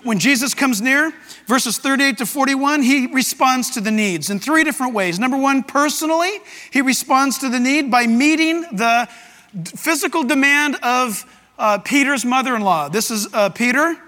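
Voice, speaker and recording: High, bright-voiced pastor in a reverberant hall. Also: male voice, normal speed. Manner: animated, bursts into shouts to act out scripture. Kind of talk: sermon. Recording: long reverb of a large hall.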